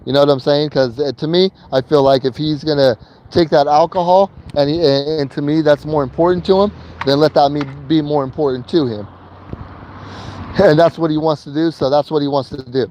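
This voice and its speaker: A man's voice: a little high, fairly even intonation, fairly quick, warm tone, slight background noise. A man telling a personal story in a casual vlog while in a vehicle he is driving, talking loosely with slang and many fillers and repeats. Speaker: vlogger.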